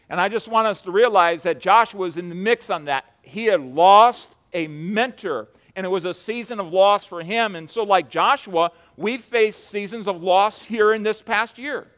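High-voiced preaching man. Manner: emphatic preaching, swinging from hushed to loud; repeats words, many restarts. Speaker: pastor. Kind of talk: sermon.

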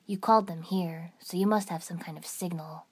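A woman voicing a blunt, calm teenage boy strategist who sounds a little detached, in a fan fiction audiobook reading. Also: fairly low pitch, normal speed, slightly rough. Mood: level.

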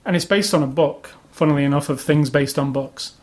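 A man's voice: a little high, a little fast. A man casually chatting about video games as a podcast co-host, opinionated and rambling. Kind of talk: casual chat.

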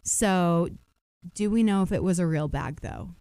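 A woman's voice: fairly low pitch, measured pace, mellow, clean tone, dry recording, studio quality. A woman telling stories in a casual chat, with lots of fillers and restarts. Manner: chatty storytelling, many fillers and restarts. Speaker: podcast guest.

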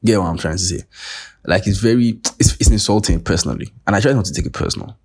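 A man's voice: low voice, fast talker, darkish tone, husky. A young Nigerian man with a Nigerian accent, hosting a podcast in a profane, sarcastic casual rant. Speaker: podcast host. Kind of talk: casual monologue.

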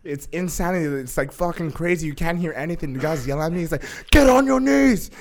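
A young man in casual chat, telling a story excitedly, swearing a lot and acting out what others said. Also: on the high side, fast. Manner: excitable, profane, acts out quotes with laughter.

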